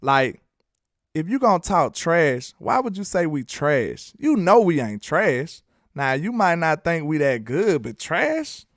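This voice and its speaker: A man with a Southern accent from Alabama, doing casual sports talk and reading his live chat in an animated, playful, trash-talking way. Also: a little high, measured pace, dry recording, studio quality. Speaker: sports commentator.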